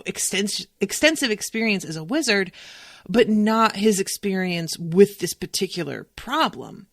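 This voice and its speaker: A young adult woman hosting a solo book podcast, talking in a chatty, animated way and swearing freely. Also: mid-range voice, no room sound, studio quality. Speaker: podcast host. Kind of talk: casual solo book discussion.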